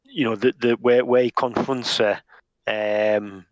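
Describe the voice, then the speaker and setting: Man talking with halting restarts. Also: medium pitch, fairly even intonation, dry recording, highs cut off. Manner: hesitant, many restarts and fillers. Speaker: podcast co-host. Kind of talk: casual chat.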